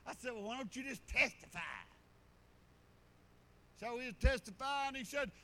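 A man's voice: very high-pitched, moderate pace, long pauses, bright, forceful tone, rough recording. A middle-aged man, a pastor preaching a sermon in a folksy storytelling way with rural turns of phrase.

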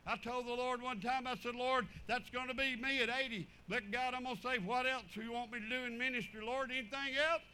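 A man preaching, telling folksy stories in an animated, drawling way. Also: very high voice, fairly quick, hardly any pauses, a little hiss or hum, rough recording. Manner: animated, drawling storyteller with chuckles. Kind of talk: folksy sermon storytelling.

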